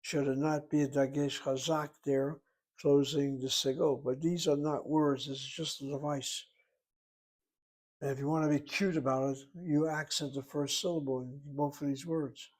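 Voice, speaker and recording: A man teaching Hebrew in a relaxed lecture, explaining terms patiently and asking rhetorical questions along the way. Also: on the high side, normal speed.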